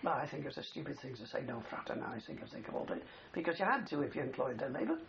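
A man's voice: fairly high pitch, big pitch swings, fast, creaky, a bit bright. An older man telling a long wartime story in an interview, rambling and tagging his sentences with "you see". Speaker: interviewee, war veteran. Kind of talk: oral history reminiscence. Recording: dull older recording with faint hiss.

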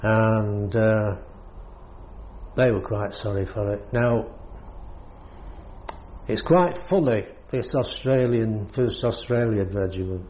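A man's voice: on the low side, slow, pauses often, darkish tone, dull audio, a little hiss or hum. An older British man, a war veteran, telling his service stories in a rambling way, chuckling often. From Britain. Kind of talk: oral history storytelling.

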